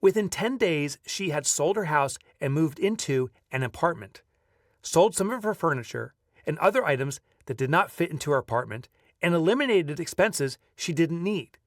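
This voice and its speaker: A man reading his own audiobook aloud, lively as a storyteller and breaking off now and then for casual asides. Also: a little high, normal speed, no echo, studio quality, far from the mic. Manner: lively storyteller who breaks off to chat offhand. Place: video recording setup.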